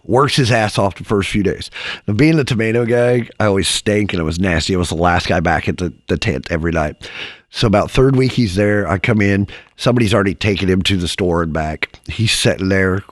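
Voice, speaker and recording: A man's voice: sits low, a little fast, dry recording, clean studio sound. Man telling a crude story. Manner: rambling anecdote, laughing, crude. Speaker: podcast guest, comedian. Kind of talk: casual storytelling. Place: small hot studio.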